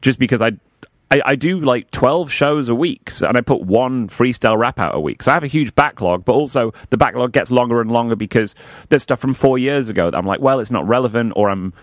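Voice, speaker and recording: A man, a comedian guest on a radio talk show, telling animated stories and jumping into higher voices to quote people. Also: brisk, no room sound, studio quality. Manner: animated anecdotes, jumps into high voices for quotes. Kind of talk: casual radio chat, storytelling.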